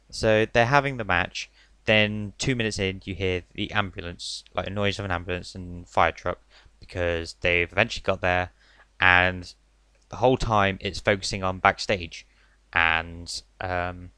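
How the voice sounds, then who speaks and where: Reviewing a wrestling show, this young adult man chats casually and wanders, saying "like" and "literally" over and over among many fillers. He sounds low-ish, pushed and bright, with a clear, resonant tone in a dry recording.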